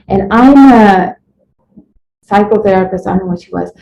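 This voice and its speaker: A woman being interviewed, telling a personal story in a rambling, animated way and acting out what people said to her. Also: medium pitch, normal speed, creaky, a little hiss or hum. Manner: rambling, animated retelling with acted-out quotes. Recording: echoey room, dull lo-fi sound.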